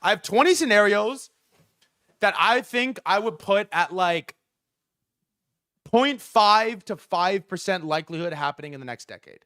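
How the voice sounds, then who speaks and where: A young man hosting a casual livestream about markets, talking in an excitable, profane and rambling way with lots of fillers. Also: sits high, unhurried. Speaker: livestream host.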